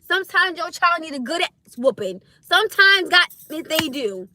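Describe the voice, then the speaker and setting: High, bright-voiced woman ranting bluntly. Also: big pitch swings, moderate pace, few pauses. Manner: blunt, emphatic, repeats catchphrases. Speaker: livestream host. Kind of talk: casual livestream rant.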